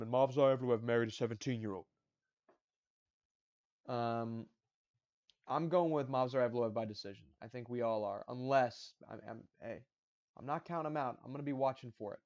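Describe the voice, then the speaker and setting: A man's voice: medium pitch, normal speed, darkish tone. Give me a rambling man casually running through fight predictions, repeating himself, on dull lo-fi audio. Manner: rambling, repeats his picks, stumbles on restarts. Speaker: MMA predictions channel host.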